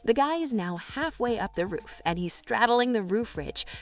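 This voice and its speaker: Woman, joke narrator, lively swooping pitch, faint music behind. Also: normal speed.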